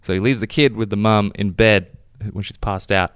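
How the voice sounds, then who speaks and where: A man with a low, smooth voice talks through film scenes on a casual podcast. He is recorded close and dry on a headset setup, relaxed and quick to laugh. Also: dry recording. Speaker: podcast co-host. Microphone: headphones and podcast mic.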